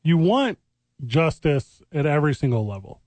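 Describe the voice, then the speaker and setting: A man's voice: on the high side, sing-song, a little mellow, dry recording. Wry Boston man on sports radio. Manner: wry, joking, quick asides. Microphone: studio microphone.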